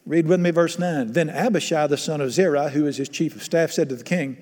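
Male pastor, sermon, higher voice, talks with the congregation and asks them questions, reverb-heavy room. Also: a little slow, long pauses, darkish tone. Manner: conversational, quizzes the congregation.

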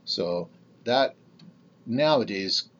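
A man on the edge of sixty talks through his own podcast in a loose, rambling way, stopping and restarting his sentences. His voice sits fairly low. The recording sounds dull and lo-fi, with a faint hiss underneath. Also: animated, extremely slow, a bit bright. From Canada. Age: 50s. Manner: rambling, candid, with many fillers and restarts. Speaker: podcast host. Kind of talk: casual solo podcast monologue.

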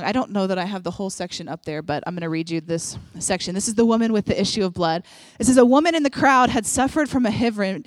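A woman preaching a sermon, reading scripture aloud and acting out the voices of the people in it with lively swings in pitch and loudness. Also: no echo.

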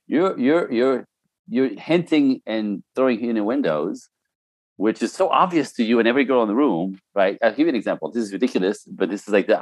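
A man's voice: lowish voice, no room sound. A middle-aged man talking casually and telling stories, laughing often and mimicking other voices. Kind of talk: casual podcast chat.

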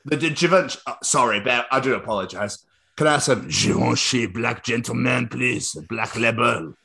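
A man's voice: mid-range voice, expressive, quick pace, bright, forceful tone. A man voicing a fussy, over-apologetic shop customer ordering aftershave.

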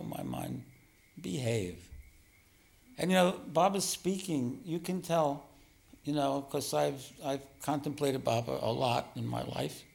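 A man giving a spiritual teaching talk as a meditation teacher, gentle and self-deprecating, often chuckling. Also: mid-range voice, creaky.

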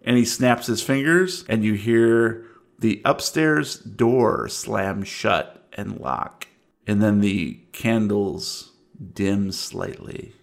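A man narrating a tabletop horror game as game master, in slow, measured narration. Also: on the low side, gravelly.

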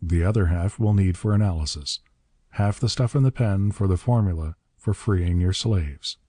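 A man voicing a calm, commanding hero who speaks quietly and deliberately in a story reading. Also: deep voice, no echo, studio quality. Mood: cool.

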